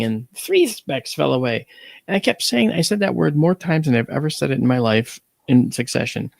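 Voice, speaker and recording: A man, a guest on an interview show, telling a dramatic personal story with animated swings in pitch and blunt, mildly profane wording. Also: normal speed, vocal fry, no room sound. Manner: blunt, mild cursing.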